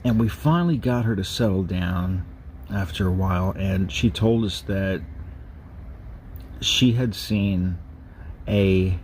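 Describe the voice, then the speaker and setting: Guy telling a spooky story from his own life, kinda low voice, super slow and halting. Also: darkish tone, slight background noise. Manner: slow, measured, halting storytelling with pauses and restarts. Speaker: narrator of a paranormal recording series. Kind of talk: spoken personal ghost story.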